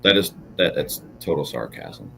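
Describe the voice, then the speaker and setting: Low-voiced man chatting fantasy football. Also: moderate pace, creaky, over music, poor audio. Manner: relaxed, joking, lots of fillers. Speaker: podcast co-host. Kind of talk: casual fantasy football chat. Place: podcast studio.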